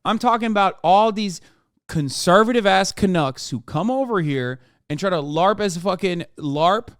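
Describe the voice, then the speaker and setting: A man's voice: high-pitched, lively intonation, moderate pace, clear, resonant tone, no echo, studio quality. A man livestreaming, giving heated, profane, sarcastic commentary while reacting to a news piece.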